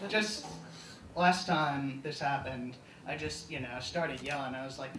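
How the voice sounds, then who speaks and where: Young man, stand-up set, deadpan, hesitant, far from the mic, audience noise. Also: mid-range voice, measured pace. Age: young adult. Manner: deadpan, hesitant with many ums. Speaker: student stand-up comic. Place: live comedy stage. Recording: echoey hall, distant mic, audience laughter.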